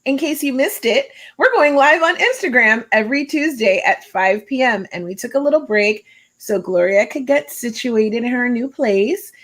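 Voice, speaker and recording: A woman's voice: on the high side, animated, normal speed, a bit bright. A woman hosting a podcast, chatting casually and encouragingly with her guest. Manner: encouraging, affectionate. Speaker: podcast host. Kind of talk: casual interview chat.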